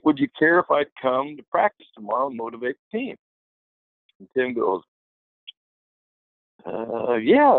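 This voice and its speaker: A gravelly-voiced man spins a lively anecdote in a relaxed, chatty way, slipping into the voices of the people he quotes. His voice sits a bit high for a man. It comes through a thin, phone-like line with no room sound at all. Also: no room sound. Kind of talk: casual storytelling.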